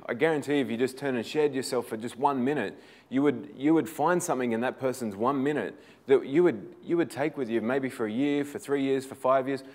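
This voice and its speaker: A man's voice: mid-range voice, a little mellow. A middle-aged Australian man giving an earnest, inspirational talk, telling personal stories and sometimes repeating words as he builds toward emphatic points. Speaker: motivational speaker.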